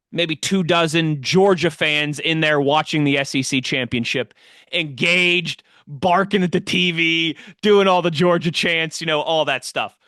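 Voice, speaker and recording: A bright-toned man with a slightly higher voice, chatting casually as a podcast co-host. He tells stories animatedly and slips into quick impressions of other people. The recording is close and dry. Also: no room sound. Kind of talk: casual sports chat.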